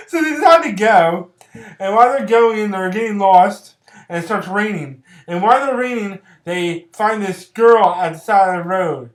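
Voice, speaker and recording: A casual vlogger retells a film's plot in a loose, rambling way, full of fillers and quick giggles. The voice sits at a middle pitch. The recording has a noticeable roomy echo from a home room. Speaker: vlogger reviewing films. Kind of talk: casual movie plot recap.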